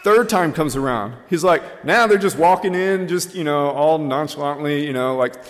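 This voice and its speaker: Speaking at normal speed in a big-room setting, a man preaches a sermon with a voice that's a little high. His storytelling is earnest and full of ums and uhs.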